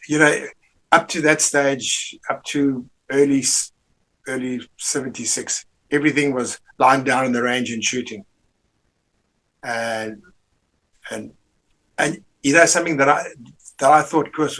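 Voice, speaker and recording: An older man tells army stories in a casual interview. His voice is husky and sits at an ordinary pitch. He rambles, restarts his sentences often and drops in salty slang. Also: fairly bright tone, poor audio. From Rhodesia. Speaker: army veteran guest.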